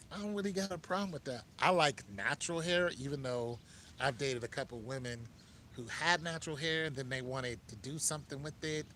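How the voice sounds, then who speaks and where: A man's voice: a little high, sharp tone, a little hiss or hum. A man with an American accent giving dating advice in a laid-back, joking monologue, talking straight to the listener. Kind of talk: casual monologue.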